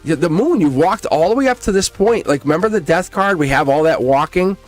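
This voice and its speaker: Excitable man with a lively, high voice. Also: fairly quick, soft background music. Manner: excitable, laughs often, swears freely. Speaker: tarot reader hosting a live stream. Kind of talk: casual live-stream tarot reading.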